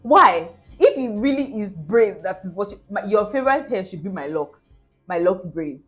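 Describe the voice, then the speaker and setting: A woman's voice: medium pitch, expressive, normal speed. Chatty woman. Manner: earnest, chatty, emphatic repetition. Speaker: vlogger host. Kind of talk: casual reaction commentary. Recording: dull lo-fi sound, faint music.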